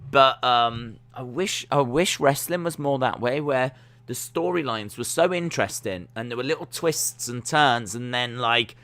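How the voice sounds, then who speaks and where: A man's voice: mid-range voice, unhurried, no echo. Rambling man chatting about wrestling. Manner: rambling, animated, frequent fillers. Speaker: wrestling livestream host. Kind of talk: casual chat.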